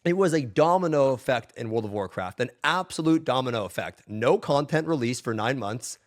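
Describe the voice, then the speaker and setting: A man's voice: mid-range voice, expressive, fairly quick. A man streaming games, ranting in casual chat with heated, profane emphasis. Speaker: game streamer. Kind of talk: casual live-stream rant.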